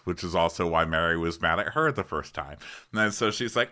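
A man co-hosting a podcast, recapping a TV episode and acting out quotes in shrill high voices. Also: animated, fairly quick, bright, forceful tone. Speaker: podcast co-host. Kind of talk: casual recap chat.

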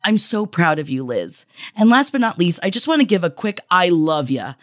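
A woman podcast host in her thirties, gushing and affectionate as she reads out listener shout-outs in a casual chat. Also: lowish voice, very animated, moderate pace, dry recording, studio quality.

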